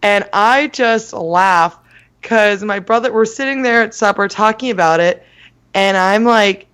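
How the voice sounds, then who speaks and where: A woman's voice: mid-range voice, measured pace, clean tone. A woman chats on a podcast and tells a story with lots of energy. She acts out the people in the tale and laughs as she goes. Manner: animated storyteller, laughs and shouts quotes. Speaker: podcast co-host. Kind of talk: casual chat, storytelling.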